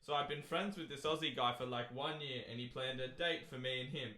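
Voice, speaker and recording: This man co-hosts a casual chat podcast in a mid-range voice that is bright, forceful, and a bit quick, with a roomy sound. He jokes with his co-host, laughs often, and reads a long listener letter aloud at length.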